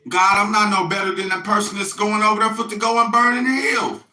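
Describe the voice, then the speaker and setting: A middle-aged man talks through a loose, profane spiritual monologue, stopping over and over to ask if you hear him. His voice sits high and cuts sharp and bright. The sound bounces around an echoey room. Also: flat delivery, quick pace. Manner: rambling, profane, keeps asking "you hear me?". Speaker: self-styled religious messenger.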